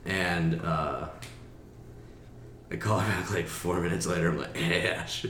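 A man's voice: sits low, measured pace, a little hiss or hum. Swearing young man telling a story. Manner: laughing, swearing, acting out others' lines. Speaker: storyteller in a group podcast chat. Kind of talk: casual profane storytelling. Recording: roomy echo with loud laughing group.

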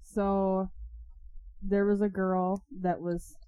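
A woman talks casually on a podcast, blunt and quick to laugh. Her voice is mellow and rather dark, and it is recorded dry and close. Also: medium pitch, flat delivery, clear, resonant tone, dry recording, low-quality recording. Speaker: podcast guest. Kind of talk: casual chat.

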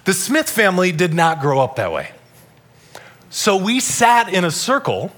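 A man in his thirties preaching a Christmas sermon to a live congregation, telling stories with loud bursts and soft asides. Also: high voice, unhurried. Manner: animated storytelling, shifting between loud bursts and soft asides. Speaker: pastor. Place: church hall, live congregation.

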